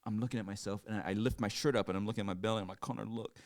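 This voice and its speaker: A young man co-hosts a casual podcast in a fairly low register. He tells stories with animated energy and jumps up into loud, acted-out quotes of other people. The sound is close and dry. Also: rapid-fire, no echo. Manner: animated storytelling, acts out quotes loudly. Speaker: podcast co-host. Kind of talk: casual chat.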